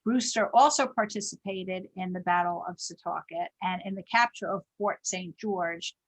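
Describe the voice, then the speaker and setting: A woman author hosting a livestream, telling history with lively emphasis. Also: lowish voice, normal speed, breathy edge, low-quality recording. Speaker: host and author.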